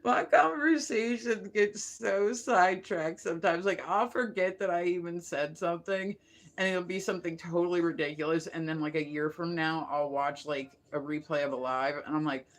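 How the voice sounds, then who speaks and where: A woman's voice: fairly low pitch, moderate pace. A woman hosting a casual morning livestream, rambling through stories with lots of fillers and laughing at herself. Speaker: livestream host.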